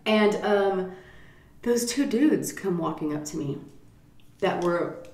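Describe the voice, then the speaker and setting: A middle-aged woman is chatting through a story for her vlog, and she tells it in a lively, animated way with plenty of swearing. She acts out what everyone said, loudly and with full force. Her voice echoes around the room she is recording in. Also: fairly low pitch, takes it slowly. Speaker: mukbang vlogger. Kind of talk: storytime chat.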